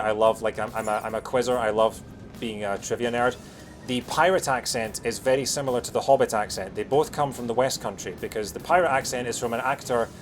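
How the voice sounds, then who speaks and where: A man with a Scottish accent softened by years in England, chatting quickly while streaming a game, with lots of fillers and restarts. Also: mid-range voice. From Scotland. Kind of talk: casual chat while playing a game.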